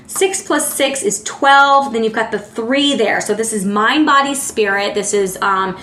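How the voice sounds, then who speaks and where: A woman's voice: fairly high pitch, a bit bright, a little hiss or hum. Chatty woman reading tarot cards. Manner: chatty, heavy on "like", searching for words. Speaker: tarot reader. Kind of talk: casual tarot card reading to camera. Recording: roomy echo.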